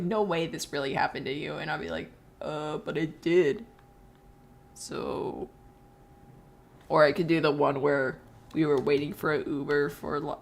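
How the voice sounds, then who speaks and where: A woman's voice: low-pitched, creaky. Laughing, swearing young woman streamer. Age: young adult. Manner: laughs often and swears freely; animated storytelling with voiced quotes. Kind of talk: casual chat while drawing on stream.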